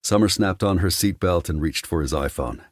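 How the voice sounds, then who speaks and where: A man giving measured, wry scripted narration of an audiobook on a close studio mic. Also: low-pitched, no room sound.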